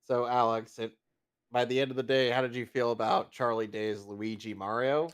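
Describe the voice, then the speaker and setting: A man's voice: mid-range voice, fairly even intonation, moderate pace, clean tone. A man hosting a casual movie riffing session, firing off sarcastic, mock-exasperated quips.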